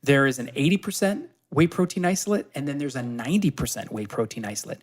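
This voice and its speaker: A Canadian man who runs a supplement company appears as a podcast guest, giving a casual conversational pitch. His medium-pitched voice is very animated and fast, and he explains things eagerly with many fillers and restarts.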